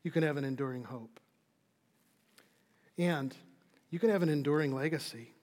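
A man's voice: fairly high pitch, normal speed. Earnest male pastor preaching in a hall. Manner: earnest preaching, rising to emphatic, dropping soft for closing lines. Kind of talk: sermon.

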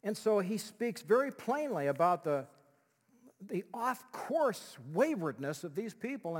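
A male pastor preaching a sermon in an animated way, dropping to a hush and rising loud again. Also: high voice, measured pace. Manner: animated, swings from loud to hushed, acts out quotes. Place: church sanctuary. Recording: long reverb of a church hall.

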